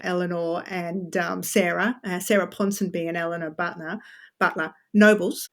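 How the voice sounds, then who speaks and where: A woman author talks as a podcast guest, her voice sitting at an ordinary middle pitch. She explains history in a chatty, animated way. She keeps breaking off into asides as she goes. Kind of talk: podcast interview.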